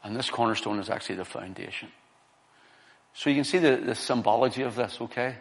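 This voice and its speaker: A man preaches a sermon, explaining scripture and reading passages aloud at a slightly fast clip in a medium-pitched voice. He restarts often. A hall's long reverb trails his words.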